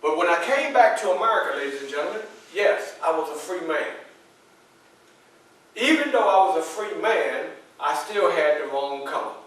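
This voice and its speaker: A man performing a first-person historical story, addressing a live audience as a lively storyteller. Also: a little high, moderate pace. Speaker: historical reenactor. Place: public library event room. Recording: echoey room from far off.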